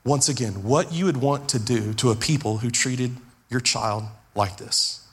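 A man's voice: medium pitch, a little slow, breathy edge. A man preaching a sermon as pastor, earnest, repeating words as he drives points home.

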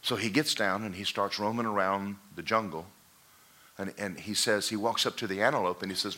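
A pastor in the middle of a sermon tells a jungle parable with lots of animation. His voice is lowish and carries a bright, forceful edge. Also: fairly even intonation, a little fast. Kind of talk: sermon storytelling.

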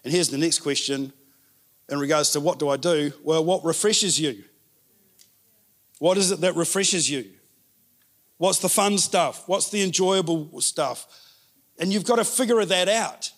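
A man preaching a sermon in an animated way, repeating words for emphasis. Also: a little high, unhurried, pauses often. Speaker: pastor.

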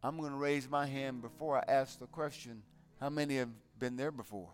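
An older man preaching as a guest speaker, telling stories in a halting way that often repeats words. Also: mid-range voice. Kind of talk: sermon.

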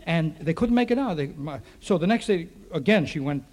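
A man telling a comic stage monologue to a live audience, with quick wisecracks and asides to the crowd. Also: fairly high pitch, lively intonation, a little mellow. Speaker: comedian and radio show host. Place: theater studio with live audience. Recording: faint noise on an old radio recording.

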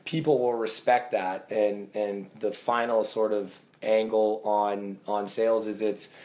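A man as a podcast guest, telling sales stories in a casual, animated way and acting out bits of dialogue. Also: lowish voice, a little slow. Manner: animated storyteller, acts out quoted dialogue. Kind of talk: casual interview talk.

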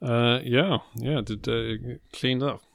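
A man's voice: mid-range voice, steady tone, takes it slowly, vocal fry, fairly bright tone, no room sound. Podcast guy, dry jokes, stumbles and restarts a lot, super dry mic. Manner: hesitant, dry humour, many restarts. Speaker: podcast co-host. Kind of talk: casual film podcast chat.

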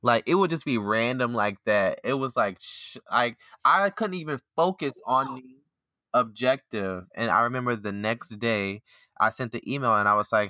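A man telling a story in casual chat, animated and full of fillers. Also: medium pitch, moderate pace, dry recording, studio quality. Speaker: podcast co-host, former teacher.

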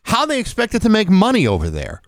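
A man's voice: high-pitched, wildly swooping pitch, quick pace, dry recording, studio quality. A man co-hosting a morning radio show, chatting easily with many fillers. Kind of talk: casual radio banter.

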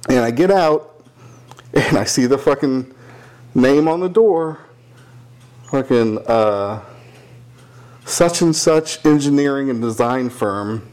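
Speaking slowly with long pauses in a mid-range voice, this young podcast co-host tells a lengthy story in relaxed chat. His delivery is profane and lively, and he acts out the characters by quoting them in voices.

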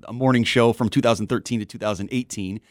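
A man in his forties from Southern California, a guest on a radio show, telling stories in a lively way and acting out the voices of people he quotes. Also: medium pitch, fast talker, no echo, clean studio sound. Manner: animated storyteller, acts out quoted voices. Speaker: TV news anchor, guest. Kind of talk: casual radio interview.

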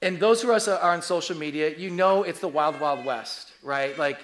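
A man in his forties preaching a sermon, telling stories in an animated, humorous way. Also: fairly high pitch, normal speed, a little hiss or hum. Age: 40s. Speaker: pastor.

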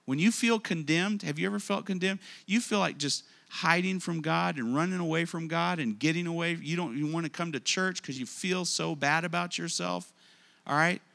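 A man preaching a sermon to a congregation, emphatic, often asking questions and slowing down to stress key lines. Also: on the high side, creaky, pushed and bright. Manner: emphatic, repeats phrases, asks the congregation questions. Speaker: pastor.

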